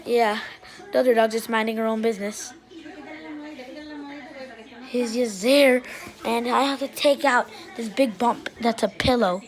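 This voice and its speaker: A woman chatting excitedly while filming her playful puppies, often gasping and exclaiming. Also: fairly high pitch, unhurried, long pauses. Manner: excitable, shrieks and gasps, keeps exclaiming. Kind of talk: casual excited commentary.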